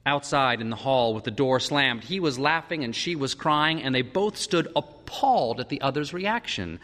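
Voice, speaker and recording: A man's voice: mid-range voice, expressive, moderate pace, hardly any pauses, a bit bright. A man narrating a story aloud, lingering vividly over the descriptions. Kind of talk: dramatic story reading. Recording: reverberant hall.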